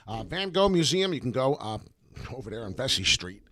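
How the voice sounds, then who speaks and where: A man hosting excited crypto chart commentary, repeating himself and dropping rhyming asides. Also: mid-range voice, moderate pace. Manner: animated, repetitive, rhyming asides. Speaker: crypto chart analyst host.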